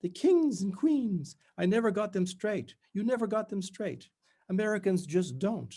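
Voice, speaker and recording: A man putting on a prim, shrill older woman tutor. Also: expressive, normal speed. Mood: prim, falsely cheery. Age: 50s. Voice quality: strangulated, forced through gritted teeth. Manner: unbearably faux bright, prim and bossy.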